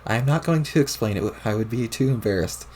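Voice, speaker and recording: A man reading the lines of a sulky, foul-mouthed teenage boy in a crude, grumbling, deadpan way while reading a comic aloud. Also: mid-range voice, fast talker, slight background noise, lightly acted. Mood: embarrassed.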